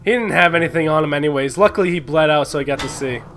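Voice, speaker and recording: A young man giving live, excitable commentary on a game he plays, swearing and yelling when surprised. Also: a little high, fast, soft background music. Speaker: gaming commentator.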